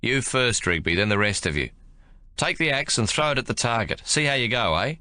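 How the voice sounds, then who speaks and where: A man voicing an army sergeant who gives orders calmly and firmly. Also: medium pitch, a little fast, dry recording, clean studio sound, pitched above the performer's own voice. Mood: commanding. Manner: calm, firm, barks orders. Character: calm commanding male army sergeant.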